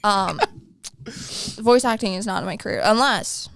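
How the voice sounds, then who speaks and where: A woman's voice: medium pitch, measured pace, creaky, fairly bright tone, dry recording. A woman around thirty co-hosting a podcast, telling stories in a chatty way and acting out the dialogue. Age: about 30. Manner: chatty, laughing, acts out dialogue. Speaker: podcast co-host. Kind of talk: casual storytelling chat.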